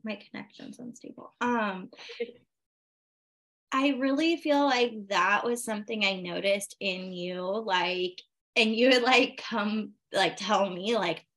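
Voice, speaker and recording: A woman's voice: medium pitch, slow, fairly bright tone. A woman in candid casual chat, encouraging her friend and swearing in playful quoted asides.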